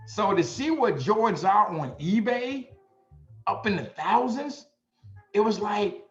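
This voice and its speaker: A man's voice: high-pitched, animated, slow, echoey room, lo-fi sound, soft background music. A middle-aged man from the US Midwest, an instructor telling personal stories in a loose, profane, casual way. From Gary, Indiana, US Midwest. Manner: loose, profane, storytelling with quoted voices.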